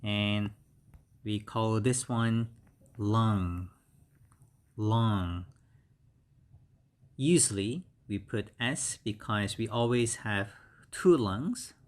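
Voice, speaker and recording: Slow, deliberate male English teacher. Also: on the low side. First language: Korean. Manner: slow and deliberate, repeating each word several times. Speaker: English instructor. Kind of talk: slow beginner vocabulary lesson.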